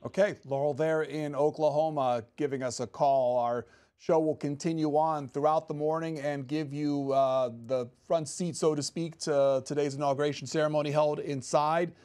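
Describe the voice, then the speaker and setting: Male broadcast host, slightly high voice, measured, pauses with "uh". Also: fairly even intonation, a little mellow. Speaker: call-in show host. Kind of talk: live TV call-in hosting.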